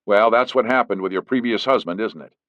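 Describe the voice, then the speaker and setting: Man voicing a firm man, measured, defensive, dry lo-fi sound. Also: lowish voice, dry recording, pitched above the performer's own voice, natural voice. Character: firm middle-aged man, a lawyer. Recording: dull lo-fi recording.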